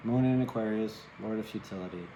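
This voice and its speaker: A man's voice: lowish voice, fairly quick, reverberant, noisy background. A man giving a casual tarot reading to camera, chatty, often asking "right?" and apologizing for cursing. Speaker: tarot reader.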